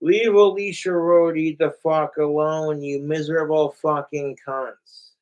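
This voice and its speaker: A man's voice: fairly high pitch, steady tone, a little slow, darkish tone, highs cut off. A young man ranting profanely and rambling on a casual livestream, talking straight to his chat.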